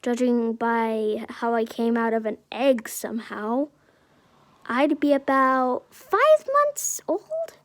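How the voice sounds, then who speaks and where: A woman's voice: a little high, animated, slow pace. A woman voicing an earnest teenage boy reborn as a dinosaur creature in a homemade fan story. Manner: earnest, exasperated.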